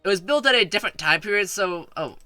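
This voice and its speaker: A man with a high, strikingly bright and tense voice rambles through casual gameplay commentary, stumbling and repeating words as he talks to his viewers. The sound is dry and close, with faint music underneath. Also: expressive, quick pace, no room sound. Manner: rambling, stuttering, chatty with viewers. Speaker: streamer.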